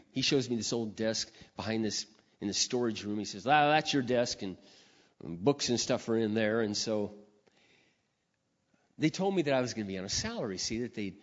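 An older man preacher telling a personal story in a sermon, acting out his prayers and phone calls with lively emotion. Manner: animated storyteller, acting out his own prayers with rising pitch. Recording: dull reverberant hall sound.

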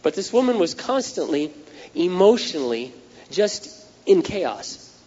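A man's voice: high-pitched, big pitch swings, unhurried, warm tone. A man preaching a sermon, earnest and repetitive, telling stories to drive his point home. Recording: dull lo-fi recording with long hall reverb.

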